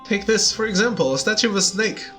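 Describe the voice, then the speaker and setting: A man's voice: sits high, animated, fast, a bit bright, soft background music. An actor playing a cocky young male thief in a game, speaking in a sardonic, defensive way.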